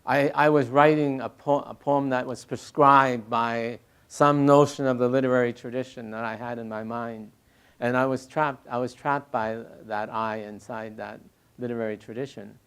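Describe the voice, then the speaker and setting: Older male interviewee, reflective, stop-start phrasing with soft laughs, mid-pitched voice. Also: steady tone, clean tone. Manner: halting, many restarts, soft laughs. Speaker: poet and critic interviewee.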